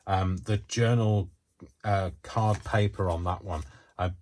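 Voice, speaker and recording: A very low-pitched man walks through a craft demonstration in a casual, rambling way, full of fillers and bursts of excitement. He talks from a home craft space with a faint hiss behind him. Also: slow. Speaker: craft channel host.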